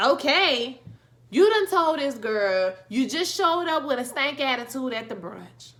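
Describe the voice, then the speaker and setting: A woman with talks through a TV episode recap in a lively, sassy way. Her voice sits high and bright. She exclaims freely and speaks straight to her viewers. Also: unhurried. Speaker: YouTube TV recap host. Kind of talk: casual spoken show review.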